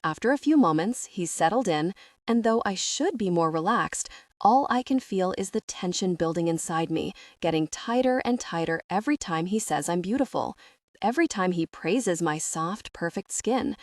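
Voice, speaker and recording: A woman narrating a first-person romance audiobook in a steady, even reading voice. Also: lowish voice, normal speed, no echo, clean studio sound.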